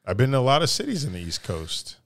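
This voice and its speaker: A man chatting casually as a podcast co-host in a relaxed, offhand way, swearing now and then. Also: medium pitch, fast, no echo, studio quality. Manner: laid-back, swears casually, lists places he has been. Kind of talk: casual chat.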